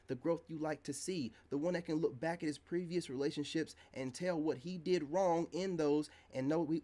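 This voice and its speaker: A man delivering a ranting monologue to his viewers, confrontational and lecturing, firing off rhetorical questions in casual slangy speech. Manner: casual slangy speech, sudden swings in pitch and loudness. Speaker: online commentator.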